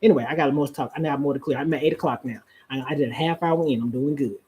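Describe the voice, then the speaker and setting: A woman's voice: deep voice, rapid-fire, warm tone. A woman giving relationship advice on a live stream. She keeps asking her audience rhetorical questions and drawls out the phrases she wants to stress.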